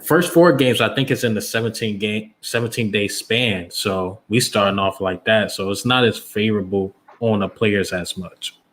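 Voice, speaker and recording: Low-voiced man analyzing a sports schedule. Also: normal speed, hardly any pauses, fairly bright tone.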